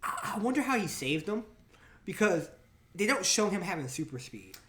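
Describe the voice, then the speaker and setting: A man's voice: high-pitched, very animated, moderate pace, a bit bright. A man co-hosting a podcast in casual chat, loose and rambling, with lots of "like" and quoted lines. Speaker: podcast co-host. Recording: roomy echo.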